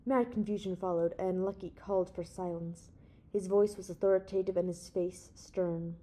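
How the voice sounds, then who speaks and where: A woman reads audiobook narration in a steady, even manner. Her tone is warm and mellow, unhurried between the spoken lines. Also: fairly low pitch.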